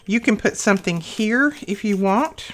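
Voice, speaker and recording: A woman's voice: medium pitch, lively intonation, normal speed. A woman hosting a casual craft tutorial, talking through each step in a chatty, homely way with small asides.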